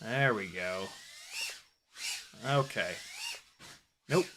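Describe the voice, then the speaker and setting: A young man giving casual running commentary while flying a drone, excitable, often exclaiming and laughing, swearing casually. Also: fairly low pitch, very slow, noisy background. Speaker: FPV drone pilot and video host.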